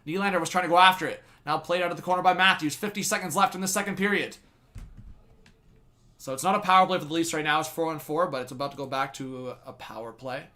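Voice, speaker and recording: Young guy doing live hockey play by play, kinda high bright voice, laughs a lot and yells on big plays. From Canada. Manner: laughs often, bursts into loud excited shouts on big plays. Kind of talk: live fan play-by-play commentary.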